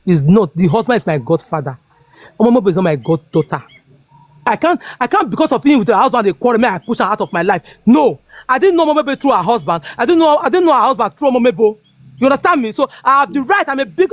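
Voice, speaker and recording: A woman's voice: a little high, no echo. A Nigerian woman in her fifties talking heatedly and emphatically, repeating herself and checking that she is understood. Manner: emphatic, repetitive, keeps asking "you understand me?". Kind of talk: heated casual talk in Pidgin-laced English.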